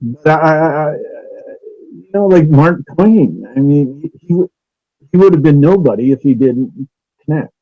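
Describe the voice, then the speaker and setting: A man's voice: on the high side, expressive, unhurried, pauses often. Hesitant man on a muffled call. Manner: hesitant, many uh fillers and restarts. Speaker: guest on a call-in talk stream. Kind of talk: casual conspiracy talk. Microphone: remote call audio.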